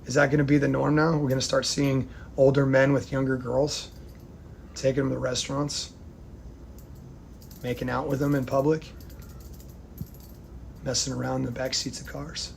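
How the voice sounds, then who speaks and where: A man from the United States delivering an angry, profane rant to camera, swinging between loud outbursts and hushed, near-whispered lines. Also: mid-range voice, level tone, moderate pace, creaky, long pauses, a little hiss or hum. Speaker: vlogger.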